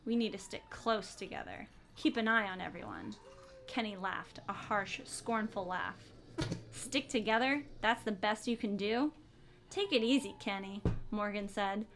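A woman's voice: medium pitch, expressive, measured pace, background noise. A woman reading a story aloud during a comedic group reading, cracking dry jokes.

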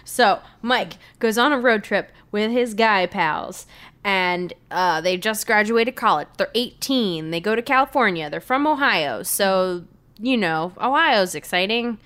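A woman's voice: medium pitch, animated, measured pace, a bit bright, clear, resonant tone. A young woman co-hosting a podcast, recapping a book in wry, self-deprecating casual chat and laughing often. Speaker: podcast co-host.

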